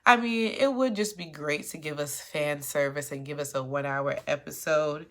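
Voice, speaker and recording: A woman giving a casual, animated recap of a TV episode, with features. She is sassy and acts out the characters' lines. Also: deep voice, moderate pace. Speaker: TV recap commentator.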